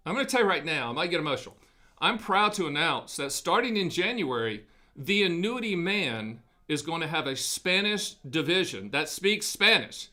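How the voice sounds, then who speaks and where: A man's voice: on the high side, big pitch swings, moderate pace, pushed and bright. A man hosting a live studio broadcast, explaining financial products in a punchy, folksy sales-education style. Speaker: host of an annuity live event. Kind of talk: energetic sales-education talk.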